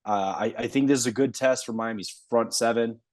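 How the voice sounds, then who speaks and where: A man's voice: mid-range voice, steady tone, a little fast, darkish tone, dry recording. A man in casual sports-podcast chat with a mid-range voice. He is teasing and easygoing and laughs often with his co-host.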